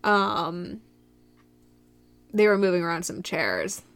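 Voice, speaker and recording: A woman's voice: on the low side, very animated, slow, fairly bright tone, no echo, faint music behind. A young woman from Michigan hosting a solo podcast, recapping a show in a giggly, rambling way that drifts into tangents. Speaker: podcast host.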